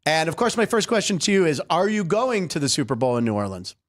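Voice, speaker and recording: A man's voice: a little high, quick pace. A man hosting a casual comedy sports podcast, laughing often and telling stories with energy. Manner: laughs often, animated storytelling. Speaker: host.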